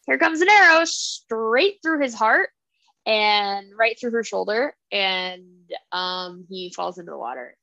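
A woman co-hosting a casual book club podcast, retelling a story in an animated way with lots of fillers. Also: medium pitch, creaky, no room sound. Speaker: podcast co-host.

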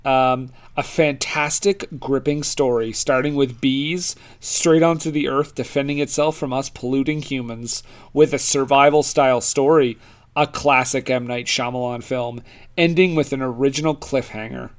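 A man's voice: medium pitch, fairly even intonation, normal speed. Man, podcast co-host, casual chat, jokey, reads reviews aloud. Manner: jokey, laughs at his own quips.

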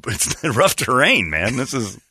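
A man's voice: mid-range voice, sing-song, measured pace, bright, forceful tone, slightly rough, dry recording, clean studio sound. A man hosting a casual talk show, telling crude jokey stories with lots of animation. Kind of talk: crude comedic banter.

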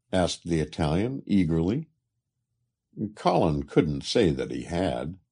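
Male audiobook narrator, very deep, expressive intonation, measured literary delivery. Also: gravelly, slightly rough. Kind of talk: storybook narration.

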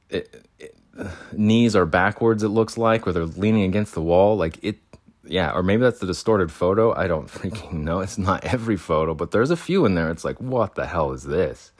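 Very deep-voiced exasperated man rambling. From Utah. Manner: agitated, exasperated, rambling with many restarts. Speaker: podcast host. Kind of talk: casual rambling monologue. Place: home with cats.

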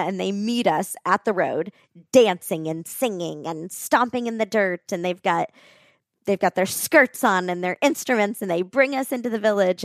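A woman's voice: medium pitch, no echo, studio quality. A woman telling a personal story in an earnest, conversational way, often saying "like.". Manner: earnest, animated, often says "like".

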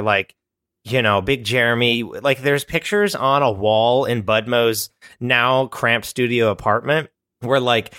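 A man co-hosting an improvised tabletop game podcast, riffing excitedly and laughing often. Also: mid-range voice, no echo, studio quality. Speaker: podcast co-host. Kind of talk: casual improvised chat.

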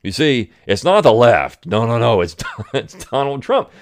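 A man's voice: medium pitch, very animated, measured pace. A man hosting a political commentary podcast, talking in a sarcastic, mocking way. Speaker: podcast host.

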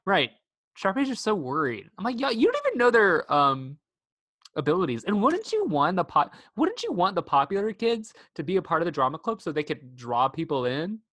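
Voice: medium pitch, sing-song, normal speed, fairly bright tone, no room sound. A podcast host in enthusiastic, giggly casual chat about a movie, recorded on a dry close microphone.

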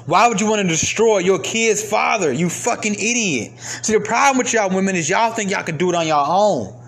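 A man delivering a heated, profane commentary rant, swinging between raised outbursts and low, exasperated muttering. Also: lively intonation, moderate pace, vocal fry, a bit bright. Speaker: commentary vlogger. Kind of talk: ranting commentary monologue.

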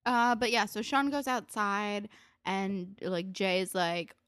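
Woman, casual co-host, sarcastic chatty recap, plain pitch, dry sound. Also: slow pace, a bit bright, smooth, no room sound. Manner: chatty, sarcastic, swears, lots of "like".

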